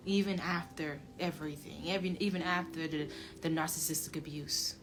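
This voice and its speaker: A woman tells her own story to viewers, her low voice dropping to a hush and then rising loud as she repeats phrases. She curses freely and talks animatedly. Music plays clearly behind her. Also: steady tone, normal speed, hardly any pauses. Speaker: commentary channel creator telling her story. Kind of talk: emotional personal storytelling to viewers.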